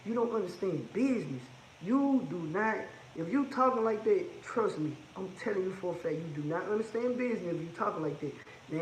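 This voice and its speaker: A high-pitched man talks in a blunt, emphatic, repetitive way, like someone giving hard-earned advice from his own trucking business. His voice sits in a roomy space with a faint hum of ambience behind it. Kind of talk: casual advice monologue.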